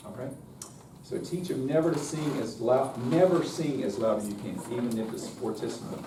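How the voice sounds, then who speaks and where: A man's voice: medium pitch, expressive, normal speed. A man with a North Carolina accent leading a choral workshop in a chatty, folksy way. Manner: folksy, chatty, demonstrates by singing. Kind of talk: workshop lecture with sung demonstrations. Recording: roomy, distant mic, faint noise.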